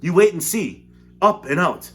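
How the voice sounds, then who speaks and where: A man's voice: sits high, animated, measured pace, husky, pitched above the performer's own voice, full character voice. Gleeful, showy eccentric candy man, read aloud by a male teacher. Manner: bright, gleeful, theatrical.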